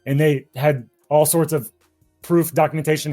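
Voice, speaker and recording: A man's voice: a little high, fairly even intonation, moderate pace, dark tone, faint music behind. A man speaking as an activist guest in a casual interview, heated, profane and passionate, admitting he gets emotional.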